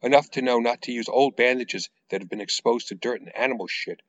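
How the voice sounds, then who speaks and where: A man voicing a brash, protective American ex-wife in a reading of his own novel, in a sharp, scolding manner. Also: medium pitch, fairly quick, dull audio, a little hiss or hum, natural voice. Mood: brisk. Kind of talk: author reading aloud.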